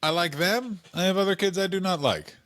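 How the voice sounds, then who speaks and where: A man's voice: sits high, brisk, fairly bright tone, dry recording. A man co-hosting a comedy podcast, chatting loosely and joking, often slipping into silly put-on voices. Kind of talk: casual comedic chat.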